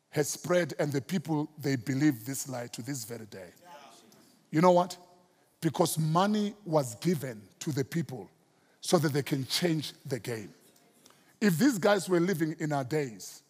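South African pastor preaching with big pitch swings. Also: male voice, slightly rough, long reverb tail. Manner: preaching with sudden pitch swings and drawn-out emphasis. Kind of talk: sermon.

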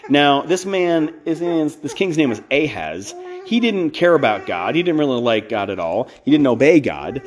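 A man's voice: medium pitch, sing-song, moderate pace. Blunt, emphatic man preaching. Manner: emphatic, blunt, with restarts and asides. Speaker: podcast host. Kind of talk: casual preaching monologue.

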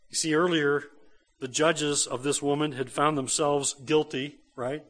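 A male pastor delivering a sermon in an emphatic, earnest way. He circles back over his key phrases, repeating them for weight. He often turns to his listeners with quick rhetorical questions. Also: medium pitch, fairly bright tone.

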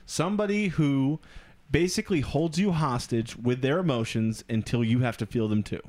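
A man co-hosts a podcast, telling a personal story in a loose, rambling style. His speech is packed with filler words and restarts. His voice sits at an ordinary mid pitch. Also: moderate pace, darkish tone. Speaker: podcast co-host. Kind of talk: casual storytelling chat.

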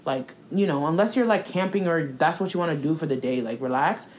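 A woman's voice: deep voice, brisk, darkish tone, a little hiss or hum. A young woman talking in a blunt, profane, sarcastic casual chat as co-host.

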